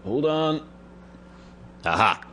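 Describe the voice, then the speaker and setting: Slight background noise sits behind a young podcast co-host with a fairly high voice who speaks slowly. On a comedy show, he tells stories animatedly in casual chat, mimicking grunts and yelps, including women's grunts.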